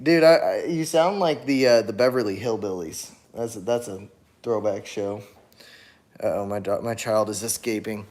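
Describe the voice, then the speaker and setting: A young man hosting a casual livestream, answering chat in a relaxed, rambling way with lots of fillers and restarts. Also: fairly low pitch, normal speed. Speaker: livestream host reading chat. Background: a small child crying at times.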